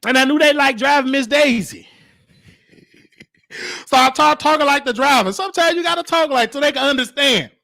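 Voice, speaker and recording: High, gravelly, animated man. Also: a little fast, pauses often, dry recording. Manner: animated, acts out quoted voices. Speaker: show host. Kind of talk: storytelling monologue.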